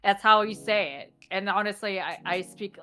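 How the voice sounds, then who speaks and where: A young Canadian woman co-hosting a podcast, chatting casually, blunt and animated, swearing freely. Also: medium pitch, normal speed, faint music behind. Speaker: podcast co-host.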